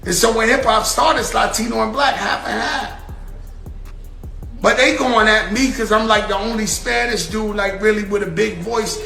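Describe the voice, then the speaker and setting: A man's voice: sits high, moderate pace, vocal fry, sharp tone, roomy sound, faint music behind. A man from the Bronx, talking brashly and profanely in a casual interview. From Bronx, New York. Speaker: interviewed rapper, played clip.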